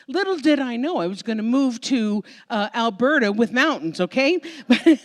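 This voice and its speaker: An American woman minister giving a Sunday sermon, telling a personal story in a conversational, emotional, expressive way before a congregation. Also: on the high side, unhurried. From United States. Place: church sanctuary before a congregation.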